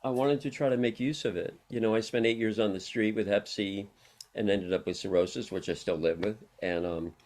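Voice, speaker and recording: A man's voice: lowish voice, fairly even intonation, brisk, darkish tone. A middle-aged man, a guest on an interview show, telling long rambling personal stories with frequent laughs. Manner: rambling, anecdotal, laughs often. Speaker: interview guest, harm reduction worker. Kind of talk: casual storytelling interview.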